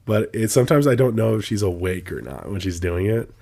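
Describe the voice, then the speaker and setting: A man's voice: on the low side, a little fast, gravelly. A man co-hosting a podcast, teasing and laughing in casual chat. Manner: teasing, laughs often, lively interjections. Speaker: podcast co-host.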